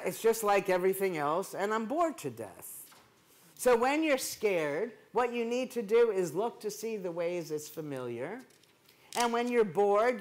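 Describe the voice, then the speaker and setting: Animated woman giving a conference talk. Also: medium pitch. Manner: animated, rhetorical asides asking "right?". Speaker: keynote speaker. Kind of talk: conversational lecture. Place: conference hall.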